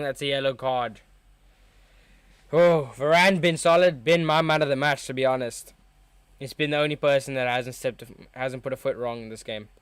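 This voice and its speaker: A young man hosts a live football watchalong, talking through the match and reacting excitably as a fan. His voice is smooth and clear at a middle pitch, recorded dry and close with no room around it. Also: no echo.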